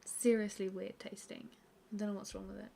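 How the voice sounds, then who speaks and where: A woman's voice: medium pitch, brisk, gravelly, breathy edge. Chatty woman streaming art. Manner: relaxed and chatty, many fillers, answers viewer questions. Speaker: artist hosting a live stream. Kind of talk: casual chat while drawing.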